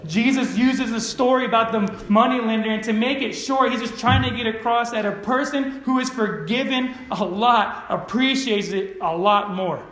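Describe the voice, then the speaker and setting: A man with a high voice preaches a sermon, checking in with his listeners over and over. He swings from loud, urgent emphasis down to low, quiet earnestness. The room around him rings with a church echo. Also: moderate pace, hardly any pauses. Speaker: pastor. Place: church sanctuary.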